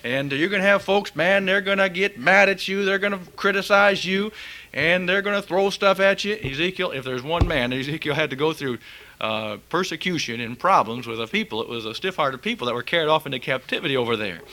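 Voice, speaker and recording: A man's voice: on the high side, a little fast, bright, forceful tone. A man preaching a fiery, folksy sermon and reading scripture aloud.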